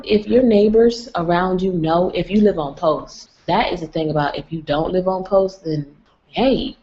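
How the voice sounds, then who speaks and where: A woman's voice: lowish voice, normal speed, dark tone, slight background noise. A young woman chatting on a livestream, rambling and folksy. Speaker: vlogger. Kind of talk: casual livestream chat. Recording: lo-fi livestream audio.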